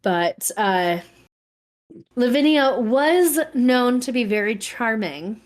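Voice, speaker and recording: A woman's voice: fairly high pitch, animated, slow. A woman hosting a podcast, telling a story in a dry, casual chat. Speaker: podcast host.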